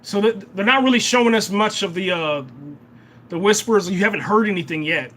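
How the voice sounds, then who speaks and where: A young man hosting a live reaction and review of a TV episode, excitable, often repeating himself and tacking "man" onto his sentences. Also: high voice, a little fast. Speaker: reaction channel host.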